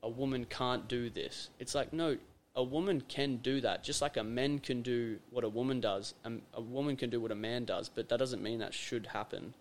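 On a laid-back podcast, an Australian host with a mid-range voice makes his points emphatically, repeating phrases for effect and acting out small scenes. He speaks at a normal speed with hardly any pauses.

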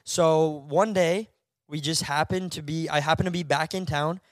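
A young man with a fairly high voice tells a story on a casual podcast. He speaks with loose, animated energy and fills his sentences with slang. The recording is close and dry, with no room sound. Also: normal speed, no echo. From Florida, US. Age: young adult. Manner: animated storyteller, acts out voices, lots of "bro" and "like". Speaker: podcast co-host.

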